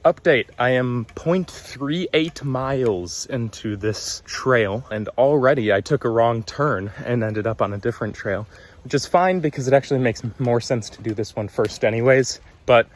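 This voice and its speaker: Young man, casual hiking vlog, upbeat and chatty, outdoors in the woods, handheld camera, faint background noise. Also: mid-range voice. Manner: upbeat, chatty, self-teasing. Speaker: vlogger. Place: wooded hiking trail outdoors.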